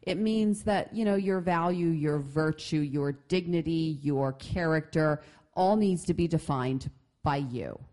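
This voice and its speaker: A middle-aged woman co-hosting a casual advice chat, talking in an animated way full of restarts and fillers. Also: sits low, measured pace. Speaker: podcast co-host.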